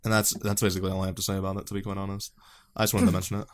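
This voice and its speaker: A man's voice: sits low, little pitch movement, very fast, a little hiss or hum. A man co-hosting an anime podcast in loose, profane, rambling casual chat. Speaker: podcast co-host.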